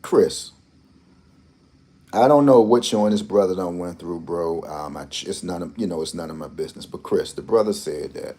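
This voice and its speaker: Rambling man with a low mellow voice. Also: moderate pace. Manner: rambling, repetitive, teasing. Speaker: lottery channel host. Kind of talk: casual commentary.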